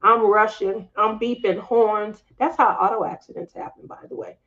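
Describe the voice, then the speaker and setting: Her voice is fairly bright with fairly even intonation at a normal speed, and the sound is lo-fi. A middle-aged woman running a casual craft live stream, she's chatty with viewers, often laughing and voicing family quotes in livelier, higher tones.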